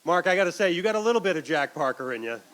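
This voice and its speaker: A man's voice: on the high side, sing-song, rapid-fire, fairly bright tone, slight background noise. A man emceeing an awards banquet, easygoing and lightly joking as he introduces inductees. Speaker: master of ceremonies. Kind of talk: formal ceremony hosting. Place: banquet hall.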